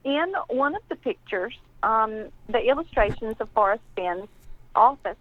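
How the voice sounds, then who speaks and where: Caller, Southern woman, deliberate and measured, fairly high voice, dull phone line. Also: lively intonation, no echo. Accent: Southern American. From North Carolina. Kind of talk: phone-in call.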